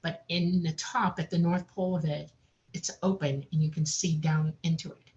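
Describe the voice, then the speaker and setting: A woman recounting a personal experience in a casual, animated way, laughing often and saying "I mean" a lot. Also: sits low, moderate pace, highs cut off. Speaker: guest recounting an abduction experience.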